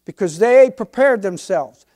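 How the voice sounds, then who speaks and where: A man's voice: high voice, animated, measured pace, mellow. An older man, a pastor, preaching a sermon with emphatic, folksy delivery and homespun stories.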